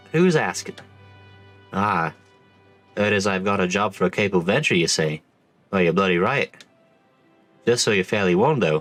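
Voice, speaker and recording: A man voicing a rough, slangy tavern keeper in a game, with a put-on accent. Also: deep voice, fairly bright tone. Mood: gruff welcome. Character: rough salty male tavern keeper, middle-aged. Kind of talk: reading game dialogue aloud in voices.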